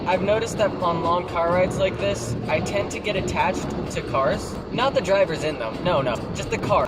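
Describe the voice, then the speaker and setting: A young man casually vlogging a road trip and campus visit in a playful, jokey way. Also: a little high. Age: young adult. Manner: playful and jokey, slipping into silly voices. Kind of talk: casual vlog narration. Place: outdoors on a college campus and in a car. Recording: music playing under the voice.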